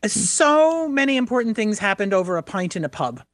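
A middle-aged woman from New Hampshire, co-hosting a radio show in casual chat, chatty and quick to laugh. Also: medium pitch, sing-song, dry recording. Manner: chatty, laughs easily, wanders between topics. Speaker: radio co-host.

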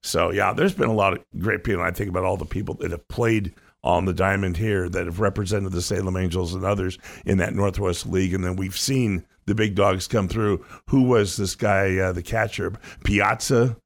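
A man's voice: low voice, steady tone, normal speed, gravelly, hardly any pauses. Rambling older-sounding man reminiscing. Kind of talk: casual sports chat.

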